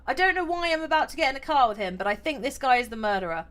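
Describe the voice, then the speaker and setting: A woman streamer reading a story game aloud, reacting with quick, excited outbursts. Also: sits high.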